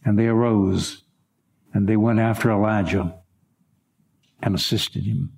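A man preaching, his voice mellow and warm. He reads scripture dramatically, letting his pitch climb and fall. Now and then he breaks off to speak directly to his congregation. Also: fairly even intonation, unhurried, vocal fry, echoey room. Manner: dramatic reading with wide swings in pitch; asides to the congregation. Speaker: pastor. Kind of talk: sermon scripture reading.

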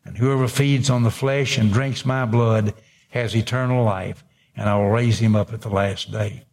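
A man's voice: fairly low pitch, steady tone, moderate pace, gravelly, a little mellow. A man preaching a sermon, reading scripture aloud and breaking in with emphatic asides. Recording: long hall reverb.

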